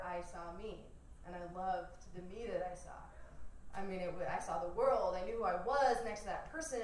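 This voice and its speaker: A woman's voice: medium pitch, slight background noise. A young woman telling a personal story to an audience, candid and laughing often, mimicking her family in quotes. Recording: echoey room from far off, faint ambience.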